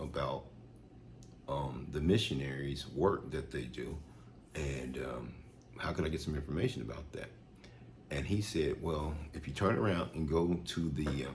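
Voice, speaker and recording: A man's voice: rumbling low, a little hiss or hum. A man earnestly retelling a personal faith experience, repeating himself with restarts and fillers. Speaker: storyteller. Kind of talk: personal testimony storytelling.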